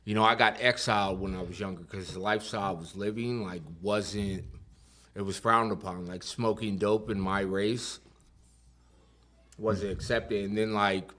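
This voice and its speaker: Man, very deep voice, podcast guest, casual, slangy, swears a lot. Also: fairly even intonation, normal speed, fairly bright tone. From Inland Empire, California. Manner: rough, street-slang speech with frequent swearing and "bro". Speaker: podcast guest sharing his recovery story. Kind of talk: casual conversation.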